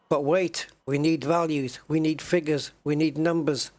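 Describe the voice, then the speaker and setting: Fairly high and a little mellow, his voice stays fairly even in intonation and unhurried. He's live-streaming a space game from a home desk setup with a joystick, chatting with viewers he addresses as "guys," thinking aloud and humming as he waits.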